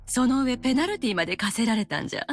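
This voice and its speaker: A woman's voice: on the high side, animated, racing, soft background music, lightly acted. An actress voicing a scheming middle-aged woman in a visual novel, speaking in a sickeningly kind, cutting way. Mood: sweetly cutting. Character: scheming middle-aged woman, sharp-tongued elder sister. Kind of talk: voiced visual novel dialogue.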